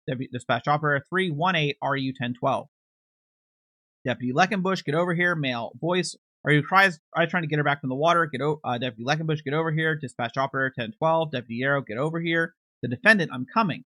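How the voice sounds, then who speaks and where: A man's voice: fairly high pitch, bright, forceful tone, dry recording. A man hosting a true crime channel, reading court transcripts aloud in a matter-of-fact way, announcing each speaker's label and adding his own comments.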